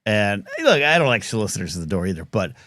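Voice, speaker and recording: A man's voice: lowish voice, sing-song, quick pace, fairly bright tone, dry recording, studio quality. A man hosting a live talk show, telling a rambling story full of fillers and restarts.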